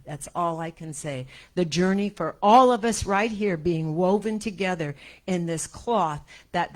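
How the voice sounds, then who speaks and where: A woman minister telling personal stories to her congregation in an emotional, animated way, often laughing. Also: sits low. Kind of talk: personal storytelling in a church service. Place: church sanctuary before a congregation.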